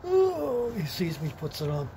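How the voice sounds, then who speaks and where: A middle-aged man, telling a rambling, profane workplace story in a blunt, gruff manner. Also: high-pitched, wildly swooping pitch, measured pace. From Long Island, New York. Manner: blunt, heavy swearing, gruff. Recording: noisy background with vehicle sounds.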